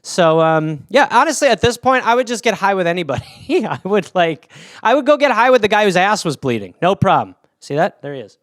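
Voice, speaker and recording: A man's voice: sits high, sing-song, brisk, a bit bright, dry recording, clean studio sound. A man hosting a casual solo podcast, rambling through anecdotes with plenty of swearing. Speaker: podcast host.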